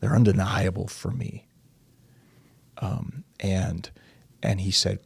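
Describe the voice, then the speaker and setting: Casting: low, gravelly guy, dry close sound, long-winded podcast guest. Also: steady tone, slow pace, no echo. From United States. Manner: long-winded, acts out quoted dialogue, says dude and like. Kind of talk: candid personal storytelling in an interview.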